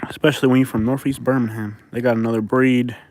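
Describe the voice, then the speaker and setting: A man's voice: medium pitch, little pitch movement, fast, darkish tone. A man from Florida with a Florida Southern accent, chatting casually as a vlogger reading viewer comments, boastful and joking. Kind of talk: casual chat.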